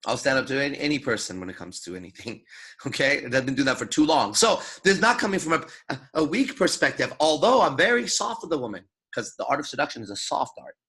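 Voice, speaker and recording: Husky man giving a profane lecture. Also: mid-range voice, big pitch swings, fast talker, bright, forceful tone. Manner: crude, emphatic, swears constantly. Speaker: seduction coach.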